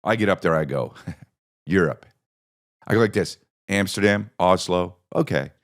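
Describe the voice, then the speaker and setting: A man's voice: deep voice, measured pace. A man hosting a podcast, riffing through a profane, rambling comedic monologue with repeated bits. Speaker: podcast host.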